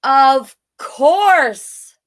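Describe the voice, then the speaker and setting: A drag king doing the voice of an eager, naive young puppy in a children's storybook reading, pitched up and excited. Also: drawn-out words, full character voice. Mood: sheepish.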